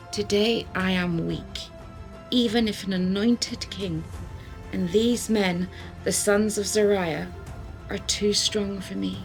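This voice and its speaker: A woman giving a slow, solemn scripted Bible reading. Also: medium pitch, gravelly. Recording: reading over music.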